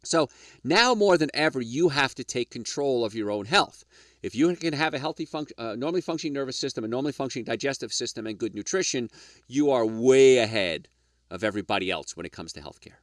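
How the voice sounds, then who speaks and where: A man's voice: mid-range voice, lively intonation, fairly quick, no room sound, studio quality. A middle-aged or older man hosting a health radio show, lecturing emphatically with rhetorical questions and asides to "folks".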